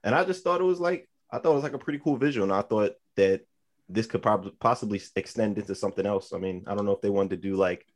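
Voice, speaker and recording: A man's voice: on the low side, quick pace. A man hosting a wrestling podcast in casual chat, talking loosely and rambling with plenty of "like" and casual cursing. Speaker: podcast host.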